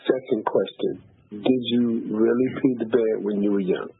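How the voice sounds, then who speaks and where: A man giving a phone psychic reading in a calm, unhurried, very raspy voice. The sound is thin and phone-like, dry, with no room around it. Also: fairly low pitch, no echo. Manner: calm, measured, reassuring. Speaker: psychic reader. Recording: dry tinny phone line.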